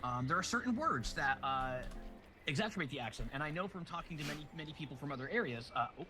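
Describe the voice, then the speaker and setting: A man from Rhode Island, a guest in casual chat, rambling with many pauses and fillers. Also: on the high side, animated, music in the background. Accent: Rhode Island, mostly suppressed. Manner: rambling, many ums and uhs. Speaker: guest streamer.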